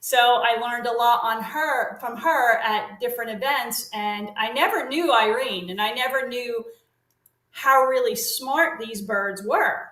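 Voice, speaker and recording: A woman's voice: fairly high pitch, unhurried, a bit bright, echoey room, rough recording. A middle-aged woman telling long casual stories as an interview guest, rambling with fillers and restarts. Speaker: guest, parrot consultant. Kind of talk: casual storytelling chat.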